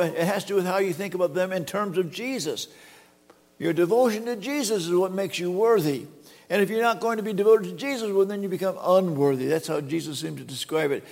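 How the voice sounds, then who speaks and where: Older male pastor, sermon, stumbling restarts, gravelly tone, reverberant sanctuary. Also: a little high, darkish tone. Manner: halting, repeats words, quotes scripture dramatically. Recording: long reverb of a hall.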